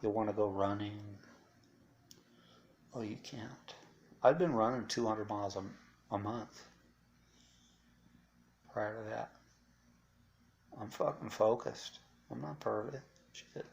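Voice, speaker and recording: Blunt, profane man with a gravelly voice. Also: fairly low pitch, takes it slowly, pauses often, darkish tone, lo-fi sound, a little hiss or hum. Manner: blunt and profane, rambling with asides. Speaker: interviewee recounting life after incarceration. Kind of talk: casual storytelling monologue.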